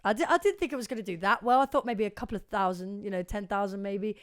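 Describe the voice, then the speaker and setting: A young woman co-hosting a podcast, telling stories in a chatty, animated way and swearing freely. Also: mid-range voice, fast talker. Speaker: podcast co-host. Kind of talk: casual chat.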